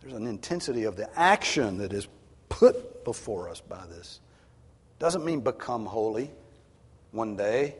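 A male pastor preaching a sermon, swinging from hushed tones to loud, emphatic exhortation. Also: lowish voice, big pitch swings, unhurried, husky. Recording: long hall reverb.

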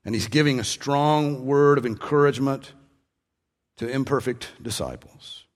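A man's voice: mid-range voice, moderate pace. A male pastor preaching a sermon in a conversational way, rising to strong emphasis on key points. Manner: conversational preaching with emphatic rises, ending in soft prayer.

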